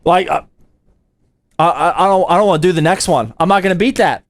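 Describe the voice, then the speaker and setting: A man's voice: sits high, a little fast, no echo. A young man from the United States, a PC building streamer, chatting casually with his live chat in a slangy, playful way.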